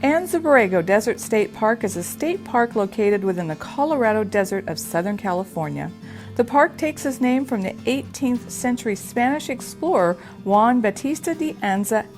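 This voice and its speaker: A woman's voice: on the high side, lively intonation, moderate pace, soft background music. A woman hosting a travel show, talking upbeat and enthusiastic on location outdoors.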